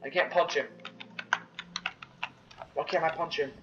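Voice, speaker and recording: A young man giving excitable, profane let's-play commentary, yelling at the game. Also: a little high, unhurried, lo-fi sound, background noise. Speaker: gamer.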